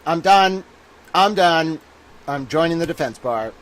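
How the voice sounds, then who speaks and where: A man's voice: fairly high pitch, animated, a little slow. A man hosting a livestream, ranting in an exasperated, theatrical way, swearing often and repeating himself. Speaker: livestream legal commentator. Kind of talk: solo livestream rant.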